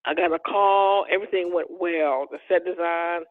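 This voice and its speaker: A middle-aged woman from Chicago, an interior designer telling stories in a casual interview, animated and acting out the dialogue she quotes. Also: on the low side, normal speed, no echo. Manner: animated storyteller, acts out quoted dialogue, laughs often. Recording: tinny dry phone-like line.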